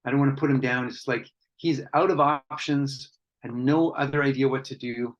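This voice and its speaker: A man's voice: mid-range voice, fairly even intonation, moderate pace, muffled recording. A man facilitating an online workshop, reading out participants' comments and reflecting on them in an earnest, conversational way, with frequent restarts.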